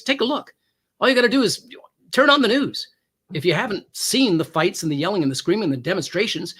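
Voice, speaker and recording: A man's voice: a little high, fairly bright tone. A former police hostage negotiator from Canada, a male guest on a talk show, telling an anecdote with emphatic rises and hesitant fillers. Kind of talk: storytelling anecdote.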